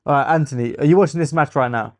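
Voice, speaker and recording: A man's voice: a little high, fast talker, no echo. Chatty young Englishman streaming football. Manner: chatty, teasing, thinks out loud. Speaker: streamer hosting a football watchalong. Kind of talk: casual live-stream chat with viewers.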